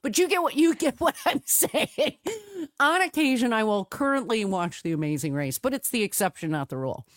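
A woman from the United States co-hosting a podcast in casual chat, animated and full of restarts. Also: fairly high pitch, a little fast, no echo, studio quality. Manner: chatty, animated, with restarts and laughs. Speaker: podcast co-host.

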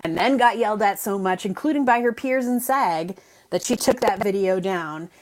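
A woman's voice: mid-range voice, moderate pace. A woman appearing as a guest on a radio talk show, explaining entertainment industry news in detail and often restarting her sentences. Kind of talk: casual radio commentary.

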